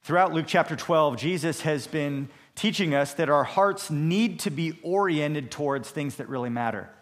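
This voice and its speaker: Man preaching in a steady voice. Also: fairly high pitch, normal speed. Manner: steady expository preaching, with occasional restarts. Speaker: pastor. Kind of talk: sermon.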